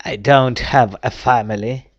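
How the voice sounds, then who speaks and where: A woman's voice: rumbling low, steady tone, measured pace, dry recording, highs cut off. A woman voicing a small, sickly, timid male mouse in a storybook reading, plaintive and hesitant.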